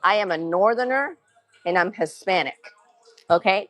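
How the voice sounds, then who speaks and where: A young woman with a Massachusetts accent talks casually to her livestream viewers from the gym, counting out her reps between asides. Her voice sits at an ordinary middle pitch. The sound is dry and close, with little room in it. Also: animated, moderate pace, pauses often, a bit bright, no echo, low-quality recording. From Massachusetts, USA. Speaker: fitness livestreamer. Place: gym, indoors.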